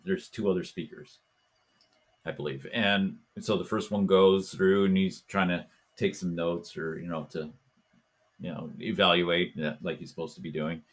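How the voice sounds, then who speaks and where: A man hosting a talk show, telling a story in a casual, animated way and acting out voices and chants as he goes. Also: deep voice, moderate pace. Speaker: podcast host.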